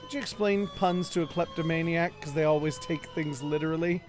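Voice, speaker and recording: A male streamer reacting excitedly to a game, cursing and bantering with chat. His voice sits a little high, and faint music plays behind him. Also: moderate pace, few pauses. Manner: excitable, swears freely, shouts reactions at the game.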